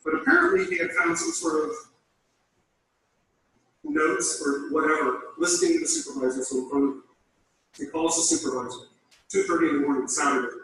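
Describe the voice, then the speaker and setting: A man's voice: on the high side, normal speed, pauses often, a little hiss or hum. A man telling a first-person story about his past as a phone phreak, acting out the other people's lines as he goes. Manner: lively, acts out the other voices in his story. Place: lecture hall. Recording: echoey room, far off, played through a small laptop speaker.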